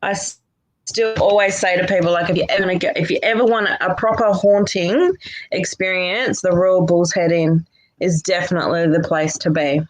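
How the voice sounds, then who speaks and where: A woman's voice: fairly low pitch, fairly even intonation, moderate pace, poor audio. A woman chatting casually as a guest, telling stories in a rambling way with restarts and laughter. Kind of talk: casual chat.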